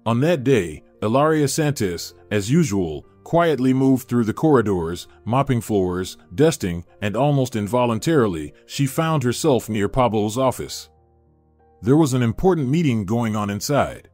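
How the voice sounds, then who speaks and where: A man narrating a scripted story in a measured storytelling manner. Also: medium pitch, expressive, darkish tone. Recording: dry studio voice with faint music.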